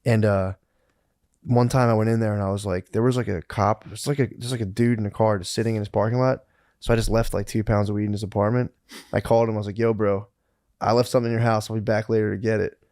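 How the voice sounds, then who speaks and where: A man's voice: on the low side, level tone, fast, a little mellow, dry recording, studio quality. A young man co-hosting a podcast, telling rambling stories in casual chat and swearing freely with lots of dude and bro. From Philadelphia area. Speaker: podcast co-host.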